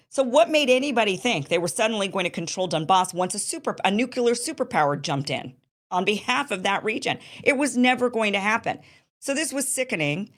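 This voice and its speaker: A woman with a fairly low voice delivers a political commentary monologue. She is emphatic and indignant, and she often breaks off mid-sentence to restart a point.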